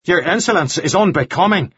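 A man's voice: a little high, sing-song, normal speed, fairly bright tone, slightly rough, no room sound, highs cut off, pitched above the performer's own voice, exaggerated voice. A man playing a stern, formal clergyman. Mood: reproving. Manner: formal, reproving speech.

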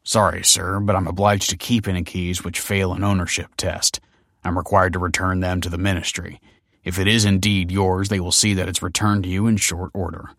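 A man puts on a stern middle-aged locksmith in a storybook reading. He is clipped and officious, with a low voice recorded close and dry. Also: level tone, brisk, fairly bright tone, no echo.

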